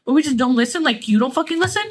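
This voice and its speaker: Profane, gossipy high-voiced woman host. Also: expressive, very fast. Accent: Mexican-American English with Spanish phrases. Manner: candid, profane, gossipy, sarcastic. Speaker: podcast host. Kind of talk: casual storytelling chat.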